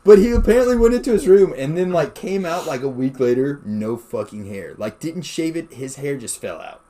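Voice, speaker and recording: A man's voice: fairly high pitch, moderate pace. A young man co-hosting a podcast in casual chat, telling stories with lots of swearing and frequent laughter. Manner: swears a lot, laughs often, animated storytelling. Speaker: podcast co-host.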